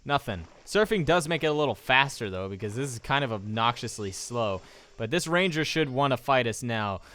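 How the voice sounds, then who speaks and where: A man's voice: mid-range voice, animated, moderate pace, bright, forceful tone. A young man casually commenting on his gameplay, rambling and joking as he goes. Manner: rambling, joking, reads game text aloud. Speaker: let's play commentator. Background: faint game music.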